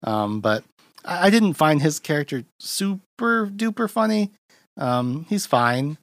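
A man's voice: a little high, sing-song, slow, no echo, studio quality. A man hosting a podcast, recapping a film in loose, rambling casual chat and acting out quotes in a raised voice. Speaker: podcast host.

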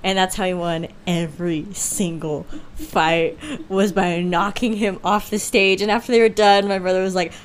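In a clean tone, a young woman with a lowish voice co-hosts a podcast, talking at normal speed with few pauses. Her casual chat features animated storytelling, frequent laughs and acted-out voices.

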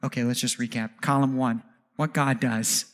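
A man preaching a sermon as pastor, animated, with jokey asides and rhetorical questions. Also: medium pitch, normal speed.

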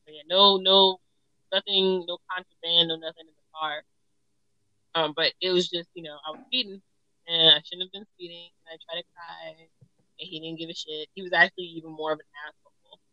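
A young woman co-hosting a casual podcast chat, loose and slangy, often trailing off quietly. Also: fairly low pitch, fairly even intonation, a little fast, no echo, muffled recording. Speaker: podcast co-host.

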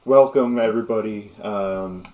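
A man's voice: on the low side, unhurried, darkish tone, slight background noise, lightly acted. A man voicing a proud male regent who welcomes his guests at a feast with a formal speech.

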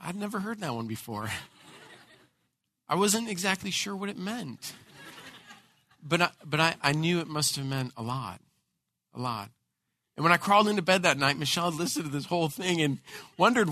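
A man preaching a sermon as pastor, telling a personal story in an animated way with frequent repeated words. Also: fairly high pitch, moderate pace, pauses often, no room sound.

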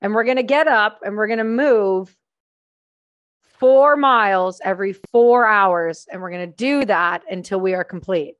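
A woman's voice: medium pitch, normal speed, no echo, muffled recording. A woman from Canada chatting casually as a guest, blunt, swearing and ranting playfully. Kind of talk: casual chat.

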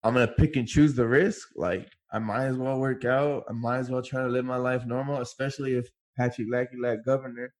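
A man's voice: medium pitch, steady tone, brisk, hardly any pauses. A man co-hosting a casual podcast chat, laid-back and slangy. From California. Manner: laid-back, slangy, says "bro" and "dude". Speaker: podcast co-host.

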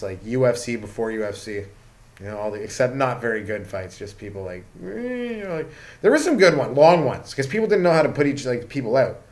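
A young man from Canada, a stand-up comedian, rambling through a casual comedic rant full of swearing and "like" fillers. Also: on the low side.

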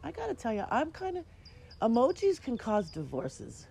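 A woman's voice: fairly high pitch, wildly swooping pitch, normal speed, vocal fry, mellow, slight background noise. A woman co-hosting a casual talk show, chatty and rambling, often laughing. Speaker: podcast co-host. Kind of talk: casual chat.

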